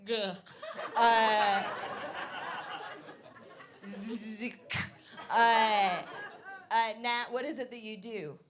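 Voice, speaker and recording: A woman MCs a live comedy show, working the crowd in a brash, teasing way and swearing freely. Her voice is fairly high with fairly even intonation, and she speaks very slowly with frequent pauses. Loud crowd noise fills the venue, with audience laughter and chatter behind her.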